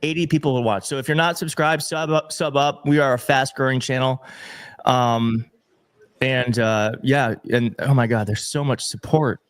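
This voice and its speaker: A man's voice: medium pitch, steady tone, measured pace, smooth, no echo. Grateful man hosting a live stream. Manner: grateful, emotional, fumbling. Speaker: livestream host reading viewer donations. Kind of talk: casual live-stream chat.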